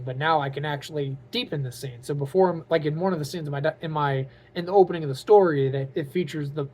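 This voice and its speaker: A man's voice: fairly high pitch, a little mellow. A man talking to camera in a casual vlog, earnest and openly emotional, rambling with lots of "like" and "you know". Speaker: vlogger and aspiring author.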